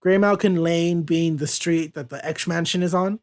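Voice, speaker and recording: A man's voice: fairly high pitch, fairly even intonation, normal speed. A young man hosting a casual comic podcast, rambling and correcting himself as he talks. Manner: rambling, chatty, self-correcting. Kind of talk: casual chat.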